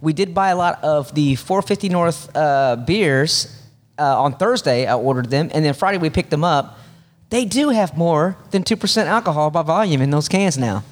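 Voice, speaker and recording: A man hosting a casual podcast chat, excitable and whooping, with lots of stumbling restarts. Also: a little high, moderate pace. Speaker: podcast host.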